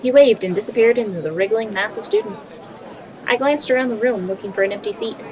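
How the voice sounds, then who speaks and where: A woman's voice: mid-range voice, fairly quick, darkish tone, some chatter behind. A young woman reading a visual novel aloud, tossing in casual asides between the narration. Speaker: let's play reader.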